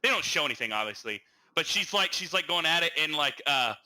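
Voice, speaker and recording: Young male podcast co-host, bright and slightly high, stammering rambler. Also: a little fast, low-quality recording. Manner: rambling, stammering, animated retelling. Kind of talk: casual chat.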